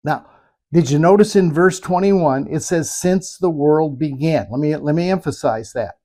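A man's voice: a little high, normal speed, warm tone. A man preaching a sermon, emphatic, asking rhetorical questions and repeating phrases for effect. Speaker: pastor.

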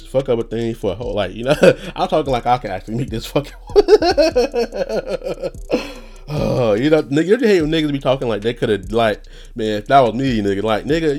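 A young man hosting a casual solo podcast rant, rambling and profane, with sudden high-pitched outbursts. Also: a little mellow. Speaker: podcast host.

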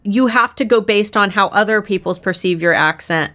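A young woman with a Midwestern American accent, co-hosting a podcast in relaxed, chatty talk. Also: mid-range voice, normal speed. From United States. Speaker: podcast co-host. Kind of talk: casual chat.

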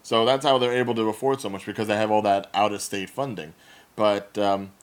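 A man's voice: fairly low pitch, brisk. Man, new jersey accent, young adult, casual podcast chat, opinionated, laughs a lot. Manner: animated, opinionated, laughs often.

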